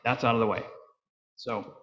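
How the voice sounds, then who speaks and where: A man's voice: medium pitch, fairly even intonation, normal speed, a bit bright. Man chairing a town board meeting. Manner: procedural, thinks aloud with fillers. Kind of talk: public meeting discussion. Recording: echoey hall, dull lo-fi sound.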